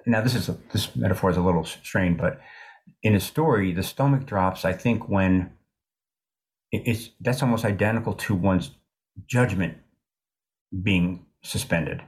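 A man in his sixties, an author in an interview, talking in a thoughtful, halting way with many restarts. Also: deep voice. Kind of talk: reflective interview talk.

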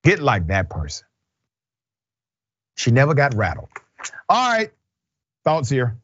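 Animated man hosting a commentary show. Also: medium pitch, slow, breathy edge, muffled recording. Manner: animated, emphatic, wry. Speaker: show host. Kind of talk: casual commentary.

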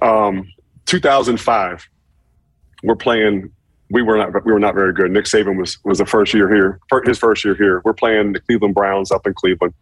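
A man casually telling a profane story, acting out shouted quotes with animated energy. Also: fairly low pitch, normal speed, breathy edge, no room sound. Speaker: former football player telling a story.

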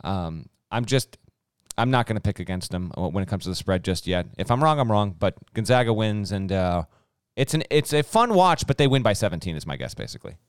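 Smooth-voiced man talking basketball picks. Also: on the low side, big pitch swings, a little fast, no echo, studio quality. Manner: chatty, stat-heavy, restarts sentences. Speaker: podcast co-host. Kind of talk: casual sports betting chat.

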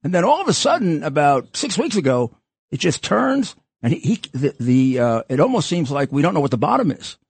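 An older man hosting a casual political talk show, animated and repeating his words as he talks. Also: a little high, fairly quick, slightly rough, dry recording.

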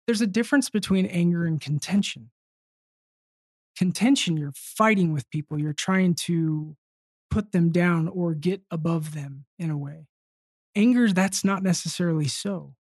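A man telling a personal story in casual conversation, earnest and halting with frequent restarts. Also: high-pitched, no room sound. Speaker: podcast guest.

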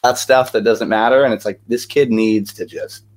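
A man's voice: on the low side, fairly even intonation, normal speed. A young man, a guest actor, telling stories in a casual interview with lots of energy and many fillers.

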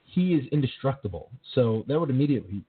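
A man co-hosting a podcast, talking in casual, animated rants. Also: medium pitch, fast. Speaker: podcast co-host. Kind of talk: casual chat. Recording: dry tinny phone-like sound.

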